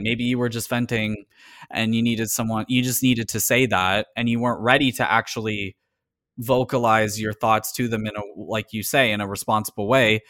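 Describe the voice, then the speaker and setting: A man's voice: mid-range voice, pushed and bright, no room sound, clean studio sound. A man from Canada in casual conversation as a podcast co-host, talking earnestly and reflectively about personal experience.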